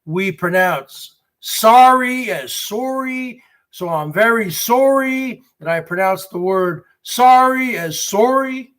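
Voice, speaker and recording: A man playing a fawning Canadian man who apologizes endlessly, slow and high, bright tone. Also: exaggerated voice. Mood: mock apologetic. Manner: mocking, exaggerated drawn-out apologies. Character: groveling apologetic Canadian man, overly sorry.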